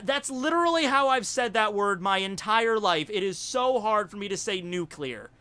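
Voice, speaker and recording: High, bright-voiced rambling streamer guy. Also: moderate pace, clean tone. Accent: Southern US. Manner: rambling, animated storytelling with many fillers. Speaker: YouTuber hosting a livestream. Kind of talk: casual livestream chat.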